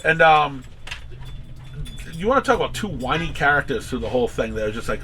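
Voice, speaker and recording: A man's voice: medium pitch, very animated, a little fast, pauses often, sharp tone, a little hiss or hum. A man hosting a casual podcast chat, rambling through stories with many restarts and acting out quotes. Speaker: comic shop owner and podcast host.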